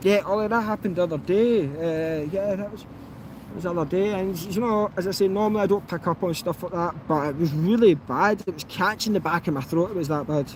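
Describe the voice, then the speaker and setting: Scottish guy chatting live to viewers outside, kinda high voice, lots of ums and restarts, faint traffic noise behind. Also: fairly quick. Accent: Scottish, softened. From Scotland. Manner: chatty, rambling, with many fillers and restarts. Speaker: YouTube auditor answering live chat. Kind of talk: casual live-stream chat.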